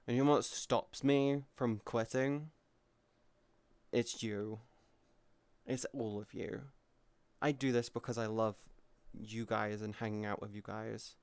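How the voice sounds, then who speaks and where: A man's voice: on the low side, steady tone, takes it slowly, clear, resonant tone, no room sound. A man live streaming, talking openly and casually with his chat, swearing freely as he answers viewers.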